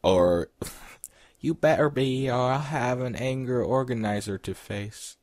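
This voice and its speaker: A man voicing a frustrated, bossy woman in a put-on Scottish accent, loud and shrill. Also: takes it slowly, dry recording, clean studio sound, natural voice. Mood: scolding. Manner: shrill, shouting.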